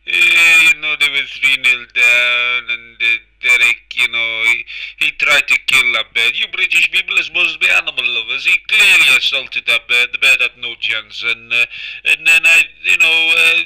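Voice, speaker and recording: A boastful continental football boss, as a man puts him on, talks with a thick put-on foreign accent. His voice is piercingly bright and sharp, and he swaggers through his answers with mock-serious pomp and casual swearing. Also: medium pitch, normal speed, poor audio. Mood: mock-pompous. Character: pompous foreign male football manager, boastful and rude.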